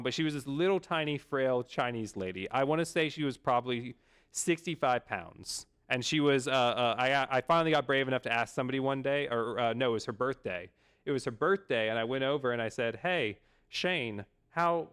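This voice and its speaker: A man's voice: mid-range voice, fairly bright tone, clear, resonant tone. A young adult man streaming, talking casually and rambling with many fillers and restarts. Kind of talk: casual chat.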